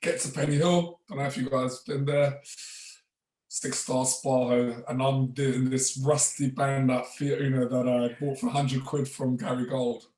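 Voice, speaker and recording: A man's voice: medium pitch, measured pace. A man, a former rugby player guesting on a podcast, telling casual anecdotes with frequent chuckles and acted-out quotes. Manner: relaxed, chuckles often, acts out others' lines. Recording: roomy, distant mic.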